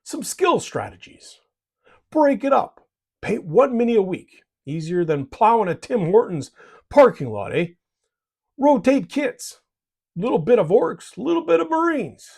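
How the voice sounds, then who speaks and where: A man's voice: extremely high pitch, big pitch swings, unhurried, creaky, darkish tone, slightly rough. A man hosts a miniature painting channel, giving scripted hobby advice in a jokey, folksy way. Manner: jokey and folksy, tags lines with "eh".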